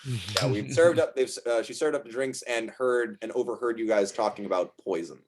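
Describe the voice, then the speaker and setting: A man's voice: medium pitch, fairly quick, background noise. A man running a tabletop game as game master, talking with many fillers and frequent laughs.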